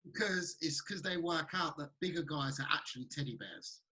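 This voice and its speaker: A man's voice: fairly high pitch, normal speed, pushed and bright. A British man co-hosting a podcast, joking and teasing in casual chat with hesitant restarts. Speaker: podcast co-host. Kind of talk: casual banter.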